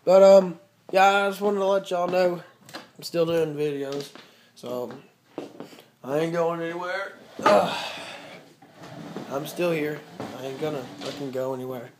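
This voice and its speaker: A vlogger rambling casually at home and in the backyard, swearing constantly, with drawn-out fillers, filmed on a handheld camera. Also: mid-range voice, fairly even intonation, noisy background. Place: home and backyard, walking around.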